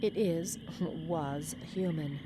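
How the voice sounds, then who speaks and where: Sultry vampire heroine. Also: female voice, takes it slowly, reverberant, noisy background. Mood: wary. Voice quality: low, teasing, often whispered. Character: sultry, cocky adult female vampire hunter. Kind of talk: video game voice acting.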